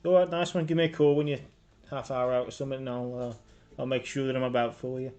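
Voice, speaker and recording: A man's voice: mid-range voice, fairly even intonation, fast, darkish tone, soft background music, natural voice. A man voicing a shrewd female street dealer in a tabletop game, easygoing and calling people mate.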